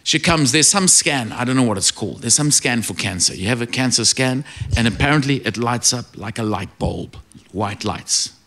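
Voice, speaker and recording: A middle-aged man preaching a sermon, telling stories with animation and rising to shouted praise. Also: mid-range voice, lively intonation, moderate pace.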